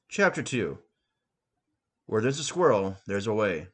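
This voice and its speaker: A man's voice: lowish voice, sing-song, unhurried, pauses often, breathy edge. Man reading his comic story aloud. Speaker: podcast host and author reading his book.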